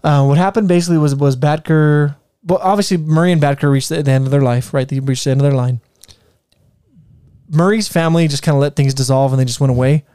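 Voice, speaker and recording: Dark-toned, dry podcast host. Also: male voice, on the high side, fast, clean tone, no echo. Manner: relaxed, retells history from notes with fillers and laughs. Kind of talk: casual history podcast chat.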